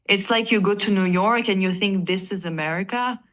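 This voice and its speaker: A woman with a French accent, chatting casually as a band vocalist in an interview, animated and laughing often. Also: medium pitch, fairly quick. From France.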